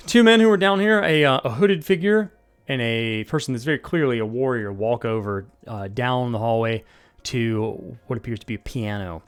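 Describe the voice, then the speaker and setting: A man narrating as game master of a tabletop role-playing game, halting with fillers as he describes the scene. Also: medium pitch, clear, resonant tone, faint music behind.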